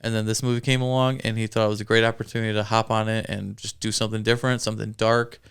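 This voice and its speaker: A man's voice: lowish voice, little pitch movement, rapid-fire, vocal fry, clear, resonant tone. A man co-hosting a casual movie review chat, laughing easily as he talks. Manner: chatty, laughs often. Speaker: podcast co-host.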